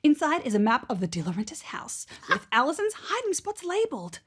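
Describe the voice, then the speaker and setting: Animated young woman podcaster. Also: high voice, brisk, breathy edge. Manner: playful, laughs often, slips into whispers while reading. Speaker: podcast co-host. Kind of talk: casual chat, reading an episode recap.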